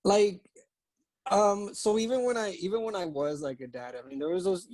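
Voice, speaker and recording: A man who is a guest in a podcast interview, with a somewhat high voice and dry, close sound. He talks thoughtfully and haltingly, restarts his sentences often and hunts for the right words. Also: a little mellow, no echo. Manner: halting, many restarts, reflective. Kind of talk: casual interview chat.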